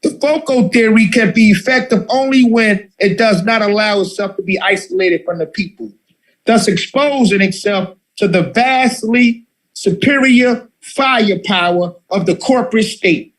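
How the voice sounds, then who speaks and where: A man leading a political study group, speaking in a fiery, impassioned way, repeating phrases and filling pauses with "uh". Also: high-pitched, fairly bright tone, rough recording.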